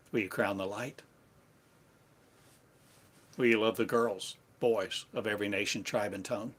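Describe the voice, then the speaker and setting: A man giving a slow, meditative sermon in halting, repetitive phrases, like an incantation. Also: lowish voice, fairly bright tone. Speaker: spiritual teacher.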